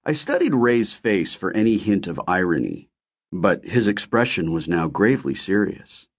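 Expressive low-voiced male audiobook narrator. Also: moderate pace. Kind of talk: first-person audiobook narration.

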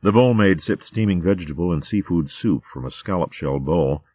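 Man, storybook narrator, very low voice, lively pitch, phone-like sound. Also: normal speed, breathy edge, no echo. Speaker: audiobook narrator. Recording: phone-like dry audio.

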